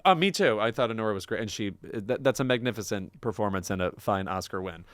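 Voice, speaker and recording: Campy, quippy podcast host, low voice. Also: male voice, expressive. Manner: campy, quick quips. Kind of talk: casual chat and ad reads.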